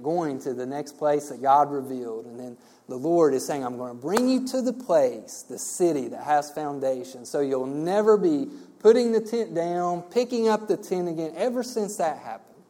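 A man's voice: a little high, warm tone. A man preaching verse by verse through a Bible passage in a conversational way, often checking in with the listeners. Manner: conversational, asks rhetorical "right?" checks.

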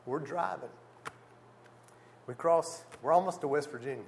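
A man giving a church mission presentation with slides, a lively storyteller who acts out the conversations he describes. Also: fairly high pitch, a little slow, vocal fry, pauses often, noisy background. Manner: lively storyteller, acts out dialogue, exclaims "whew". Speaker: missionary speaker.

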